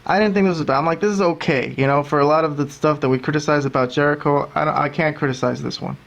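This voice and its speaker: A talkative man hosts a casual wrestling review podcast, ranting and imitating the commentators. His voice sits fairly high and is creaky and a bit bright, delivered fast with fairly even intonation.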